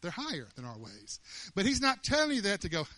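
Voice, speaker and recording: A man's voice: high-pitched, wildly swooping pitch, a little fast, pushed and bright, no room sound. A man preaching a sermon, firing off rhetorical questions and repeating words as he builds.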